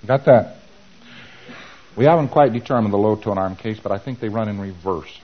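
A man's voice: fairly low pitch, moderate pace, highs cut off. A man giving an informal lecture, animatedly acting out both sides of the dialogues he describes.

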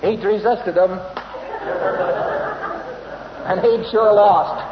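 A man's voice: high voice, steady tone, extremely slow. Wry man lecturing in an echoey hall. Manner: wry, anecdotal, chuckling asides. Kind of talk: informal lecture. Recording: echoey hall, dull lo-fi old tape, faint hiss.

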